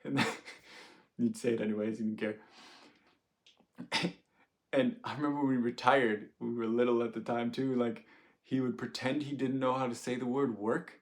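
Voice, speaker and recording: Chatty man with a gravelly voice. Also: medium pitch, steady tone, moderate pace, pauses often. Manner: chatty, laughs often, many "like" fillers. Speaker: doctor sharing stories. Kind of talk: casual direct-to-camera talk.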